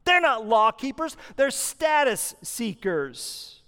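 A man's voice: extremely high pitch, big pitch swings, slow pace, pushed and bright, in a large hall. A man preaching a sermon, emphatic and rhetorical, with punchy repeated lines.

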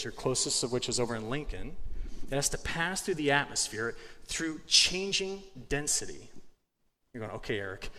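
Joking middle-aged man preaching in a hall. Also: a little high. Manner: conversational, joking, animated, with frequent restarts. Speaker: guest speaker, meteorologist. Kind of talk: sermon. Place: church sanctuary. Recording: long hall reverb, faint ambient noise.

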